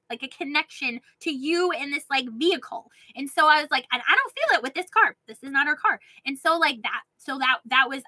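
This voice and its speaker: Woman vlogger, high and bright, chatty rant, dry close sound. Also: no echo, poor audio. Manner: chatty, filler-heavy, laughs while telling. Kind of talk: casual storytelling rant.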